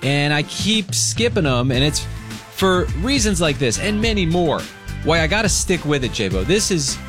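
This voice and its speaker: A man's voice: a little high, sing-song, moderate pace, over music. A man hosting a morning radio show, joking casually with his co-host. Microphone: studio microphone.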